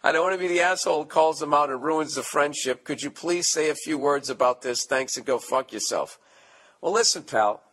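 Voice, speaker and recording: A man's voice: fairly high pitch, brisk, fairly bright tone. A man hosting a comedy podcast, reading listener letters aloud and riffing on them with profane, sarcastic asides. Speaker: podcast host.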